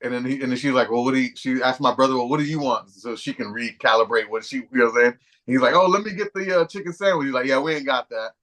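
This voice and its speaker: A man's voice: mid-range voice, steady tone, fast talker, a bit bright. A man co-hosting a podcast, telling long, slangy, profane anecdotes in casual chat. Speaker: podcast co-host.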